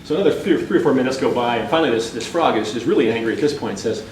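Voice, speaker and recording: A man working for a carmaker, telling a relaxed anecdote before presenting a car. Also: medium pitch, racing, few pauses. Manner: relaxed storyteller, amused. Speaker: automaker spokesman. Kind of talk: telling a joke, then introducing a car. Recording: distant, roomy, with background noise.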